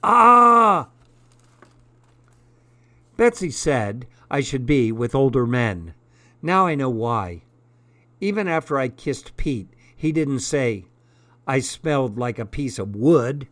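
A man reads a first-person story aloud at a notably slow, deliberate pace. His voice sits in an ordinary middle pitch. The recording is close and dry, with no room echo. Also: lively intonation. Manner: unhurried, deliberate reading. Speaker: audiobook narrator.

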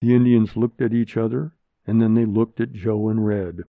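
A man reading a story aloud in a measured, steady way. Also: on the low side, gravelly, dry recording. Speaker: narrator. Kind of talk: storybook narration. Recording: narrow phone-like sound, dry.

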